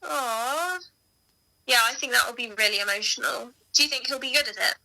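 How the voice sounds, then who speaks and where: A woman in a casual chat as co-host, reacting with giggles and animated exclamations. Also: on the high side, brisk, gravelly, poor audio.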